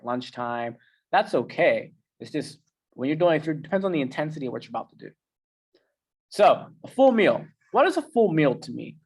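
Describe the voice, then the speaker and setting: A man who is a coach giving a casual, conversational talk in slangy everyday language. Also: on the high side. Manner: conversational and slangy, with many fillers. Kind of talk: casual presentation.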